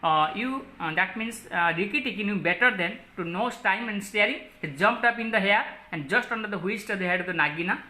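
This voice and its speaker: A woman teacher with an Odia English accent, explaining a story and listing word meanings in a halting way with many fillers. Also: medium pitch, bright, forceful tone. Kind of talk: classroom lesson explaining a story.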